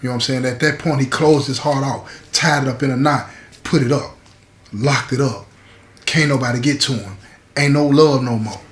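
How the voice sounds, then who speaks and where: A man's voice: mid-range voice, normal speed. Male storyteller, streetwise and conversational, mid-range voice, recorded in a roomy, echoey space. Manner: streetwise, conversational, constantly checks in with the listener. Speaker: host. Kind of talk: storytelling to camera.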